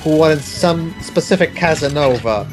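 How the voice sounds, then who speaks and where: Halting man recapping a game. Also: a little high, lively intonation. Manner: halting, many fillers and restarts. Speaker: let's play commentator. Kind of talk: casual gaming commentary. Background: game music.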